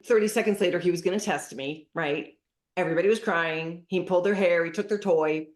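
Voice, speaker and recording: Middle-aged woman, guest expert, lowish voice, storytelling chat in an echoey room. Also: brisk. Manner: animated storytelling, acting out dialogues. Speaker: parenting specialist guest. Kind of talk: casual interview chat.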